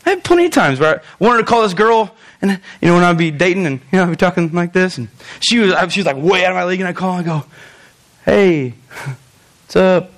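Preaching a sermon, the young pastor addresses the congregation directly, his high voice alternating between fast, loud bursts and slow, stretched-out passages. His manner is animated, and he tosses in jokes along the way.

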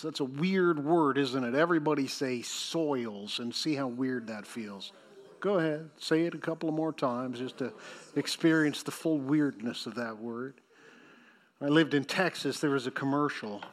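A man preaching a sermon in a conversational way, talking directly to the congregation with asides. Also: a little high. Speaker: pastor.

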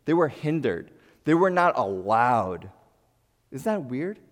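A male pastor giving a sermon in an animated, conversational way, swinging from loud bursts to quiet asides with playful humor. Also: medium pitch, slow. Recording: long hall reverb.

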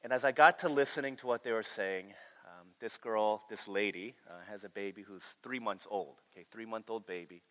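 Bright-voiced male pastor, long hall reverb. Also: lowish voice, normal speed. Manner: animated storytelling, stumbles and repeats words, acts out conversations. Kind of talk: sermon storytelling.

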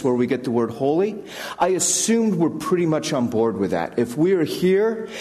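A man's voice: mid-range voice, a little mellow, breathy edge, big-room sound. A man preaching a conversational sermon, telling stories and acting out the people in them with their own voices. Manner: conversational, acts out quoted characters with voices. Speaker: pastor. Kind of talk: sermon with storytelling.

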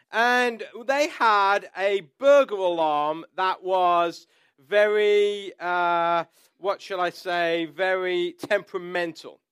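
High, smooth-voiced man preaching. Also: fairly bright tone, dry recording. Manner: conversational storytelling with asides. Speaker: pastor. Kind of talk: sermon.

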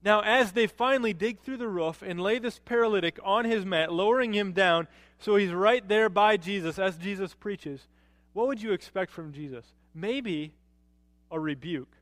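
A man preaching a sermon as a pastor, animated, rising to emphatic peaks and dropping low to quote. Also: moderate pace, no echo, big-room sound.

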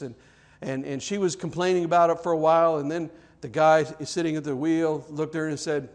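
A man preaching a sermon in a church, earnest, often repeating words and dropping to soft, emphatic lines. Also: a little high, fairly even intonation, a little fast. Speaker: pastor.

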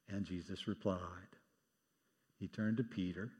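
A man delivers a sermon, reading scripture and voicing its speakers with lively emphasis between dry, wry asides. His voice sits at an ordinary middle pitch. The sound carries a long reverb from the church sanctuary around him. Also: moderate pace. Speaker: pastor.

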